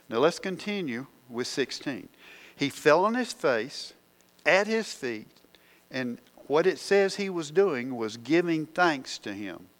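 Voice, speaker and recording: A man's voice: medium pitch, a bit bright. A man preaching a sermon, asking the congregation questions as he works through the verses.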